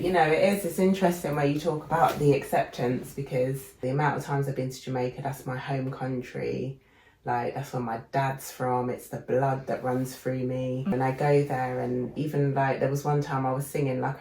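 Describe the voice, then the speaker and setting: Brief: woman podcast co-host, very low gravelly voice, animated storyteller, roomy echo. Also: moderate pace. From England. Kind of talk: casual chat.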